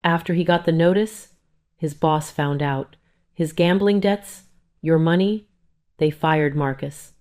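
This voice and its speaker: A woman's voice: deep voice, a little slow, a little mellow. A woman reading the lines of a grown daughter pleading tearfully with her mother. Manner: pleading, emotional.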